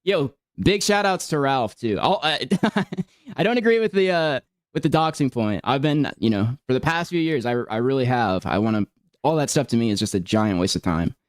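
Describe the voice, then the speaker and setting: A streamer responding to allegations explains his side in casual, rambling sentences that often restart. His mid-range voice is animated and moves around a lot at a moderate pace, recorded dry and close to the mic.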